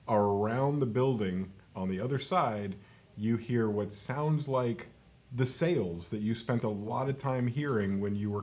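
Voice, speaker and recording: A man's voice: lowish voice, a little mellow. Man narrating a tabletop game. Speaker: game master.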